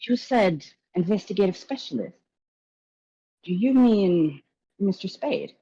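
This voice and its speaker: A woman's voice: medium pitch, lively intonation, measured pace, dark tone, breathy edge, no echo, muffled recording, voice pushed up. A woman doing a flirty drag club host with a shaky Irish accent. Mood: teasing. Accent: attempted Irish. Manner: sultry, teasing, calls people darling.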